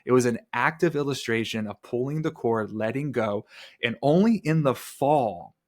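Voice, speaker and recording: A man in his thirties, a podcast guest, telling a personal story in an earnest, animated way with casual fillers. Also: medium pitch, moderate pace.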